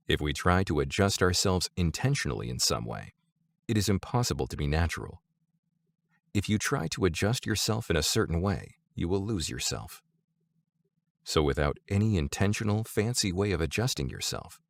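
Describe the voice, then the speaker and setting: A man with a very low, gravelly voice reads spiritual teachings aloud. His delivery is measured and deliberate, but his pitch rises and falls in a lively way. The sound is dry and close, with no room echo. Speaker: narrator reading Zen teachings. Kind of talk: audiobook-style reading of a spiritual text.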